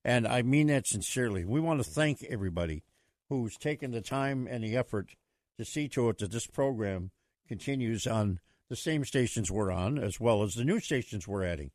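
Booming, dry-voiced talk radio host. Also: male voice, animated, moderate pace, dry recording. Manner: booming, theatrical announcer delivery with shouted flourishes.

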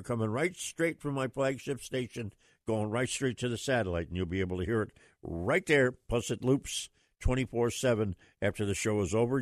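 A man's voice: mid-range voice, no room sound, clean studio sound. A man hosting a talk radio show, chatting in a plain-spoken, folksy way and often repeating himself.

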